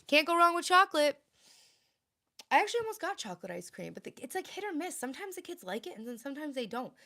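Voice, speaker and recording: A woman's voice: high voice, very animated, fast, pushed and bright. A woman in her thirties chatting playfully with viewers on a casual home livestream. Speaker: livestream host. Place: home, indoors.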